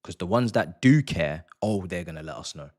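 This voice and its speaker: A young man hosting a live football watchalong stream, slangy and repetitive, swinging from hushed murmurs to excited shouting. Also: deep voice, normal speed. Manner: slangy, repeats phrases for effect. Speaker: livestream host of a match watchalong.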